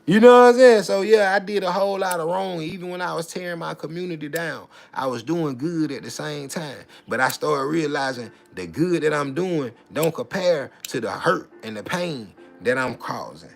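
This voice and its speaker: A man giving a casual, preachy monologue, swinging between loud preaching and muttered asides, with repeated filler tags. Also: fairly high pitch, animated, moderate pace, creaky, hardly any pauses. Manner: repeats filler tags like "you know what I'm saying". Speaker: vlogger.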